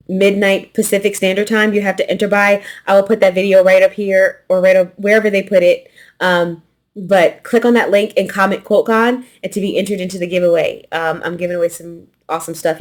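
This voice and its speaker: A woman with a light Southern US accent, hosting a quilting channel and chatting casually through an unboxing, relaxed and rambling, sometimes swallowing her consonants. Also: medium pitch, a little fast. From New York.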